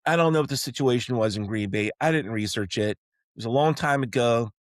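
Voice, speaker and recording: A man's voice: mid-range voice, fairly quick, dry recording. A man hosting a solo sports opinion podcast, talking emphatically and repeatedly tacking on "okay?" to drive his points home. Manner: rallying, pleading tone toward fans. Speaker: podcast host.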